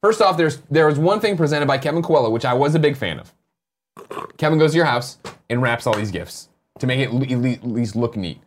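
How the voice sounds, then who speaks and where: A man co-hosting a morning talk show, trading energetic, joking banter with his co-hosts. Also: medium pitch, fairly quick, slight background noise. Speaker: co-host. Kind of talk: casual chat.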